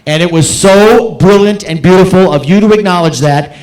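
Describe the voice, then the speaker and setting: A man's voice: high-pitched, moderate pace, a little mellow, roomy sound, rough recording. A man hosting a film Q&A as festival director, giving an effusive thank-you speech and repeating words for emphasis. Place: theater auditorium.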